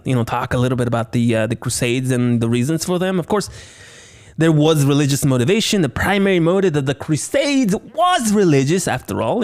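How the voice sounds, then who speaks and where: A man hosting a solo horror movie review podcast, playful and chatty, joking with himself between explanations. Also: a little high. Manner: playful, lively, slips into silly voices and banter with himself. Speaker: podcast host.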